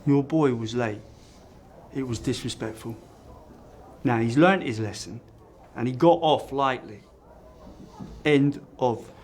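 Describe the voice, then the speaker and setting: An actor playing a calm, controlled gangster who speaks in short, cold lines. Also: male voice, medium pitch, takes it slowly, pauses often, a little hiss or hum, close to an everyday voice. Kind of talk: film acting. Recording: film score behind.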